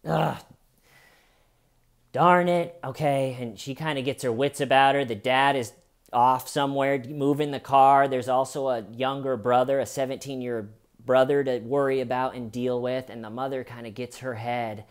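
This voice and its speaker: A man hosting a podcast, telling a true crime story in a deliberate, dramatic way with long pauses. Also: medium pitch, little pitch movement, clean tone. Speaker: podcast host.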